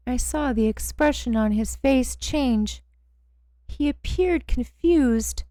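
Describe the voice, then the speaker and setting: A woman narrating a first-person audiobook in a slow, measured way. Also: sits high, warm tone, dry recording.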